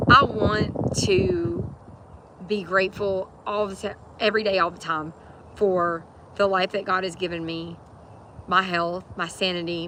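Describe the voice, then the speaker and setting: A woman's voice: on the low side, sharp tone. Earnest woman, rambling faith talk; noisy outdoor livestream with passing traffic. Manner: earnest, rambling, many fillers and restarts.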